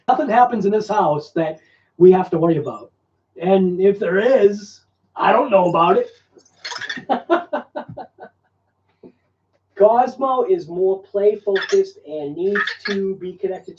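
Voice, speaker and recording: A man's voice: high voice, darkish tone, a little hiss or hum. A man hosting a casual live stream in a room at home, rambling and joking and laughing often. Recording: echoey room, distant dull mic.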